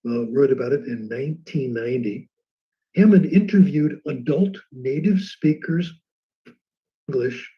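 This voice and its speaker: A man giving a conversational lecture on language learning, telling anecdotes and slowing down for emphasis. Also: mid-range voice, husky. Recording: dull muffled lecture recording.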